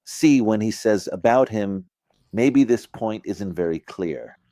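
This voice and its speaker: Low, dark-toned man teaching casually. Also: expressive, slow pace, no echo. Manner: conversational, asks listeners "you get it?"; acts out phrasings with vocal emphasis. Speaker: religious teacher. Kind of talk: informal explanatory lecture.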